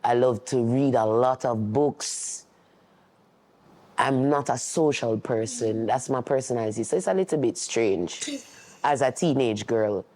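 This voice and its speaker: A man, voicing a deaf guest's signed story in the first person, earnest and steady. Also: mid-range voice, unhurried. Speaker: sign language interpreter.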